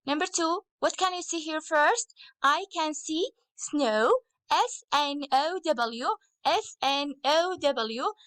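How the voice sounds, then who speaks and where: A woman teaching an English lesson at a slow, careful pace, saying each example twice. Her voice sits high, and the sound is dry and close. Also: a bit bright, dry recording. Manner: slow, patient, repeats each phrase for pupils. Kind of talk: recorded English grammar and phonics lesson.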